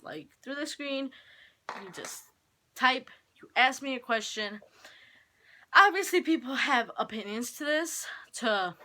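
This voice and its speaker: Chatty teenage girl, bright voice. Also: a little high, a little hiss or hum. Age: teens. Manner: chatty, rambling with many "like" fillers. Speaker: vlogger. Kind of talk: casual talk to camera. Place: home, holding her baby.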